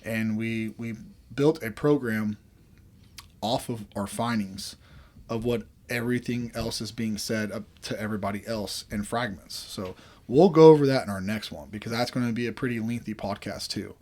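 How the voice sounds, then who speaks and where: A man's voice: on the low side, normal speed, a little mellow. A man from the American South with a Southern accent, hosting a casual podcast chat in a rambling, laid-back way. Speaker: podcast host.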